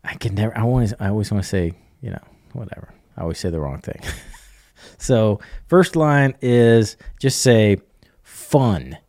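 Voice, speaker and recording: Lively middle-aged man, low voice. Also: normal speed, no echo, clean studio sound. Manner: animated, acts out dialogue, chuckles often. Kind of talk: casual podcast conversation.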